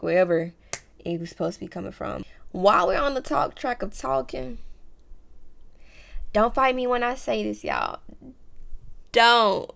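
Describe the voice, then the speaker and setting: Chatty woman with a gravelly edge. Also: medium pitch. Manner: chatty, slang-filled, addresses viewers as y'all and baby. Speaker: lifestyle vlogger. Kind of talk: casual advice vlog.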